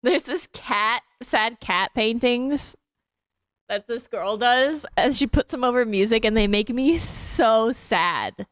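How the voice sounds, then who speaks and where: A woman's voice: fairly high pitch, expressive, slow pace, fairly bright tone, no echo. Giggly, rambling woman streamer, dry sound. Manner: rambling, self-mocking, laughs often. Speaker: livestreamer. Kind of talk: casual stream chat.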